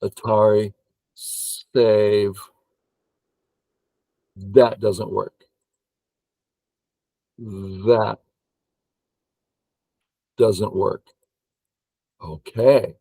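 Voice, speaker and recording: An older man who teaches Go, playing a game and thinking aloud in an excitable way while humming and counting under his breath. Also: fairly low pitch, extremely slow, long pauses, dry recording, low-quality recording.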